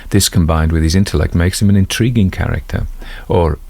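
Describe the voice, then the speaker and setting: Geordie man, very deep voice, casual rambling chat, self-mocking asides. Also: a little fast, dark tone, husky. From North East England. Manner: rambling, self-deprecating, many fillers and asides. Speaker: audiobook narrator talking about his reading. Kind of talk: casual spoken commentary.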